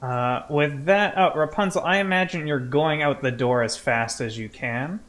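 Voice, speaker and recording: A man narrating as game master of an online tabletop game, deliberate and unhurried. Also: a little high, fairly bright tone.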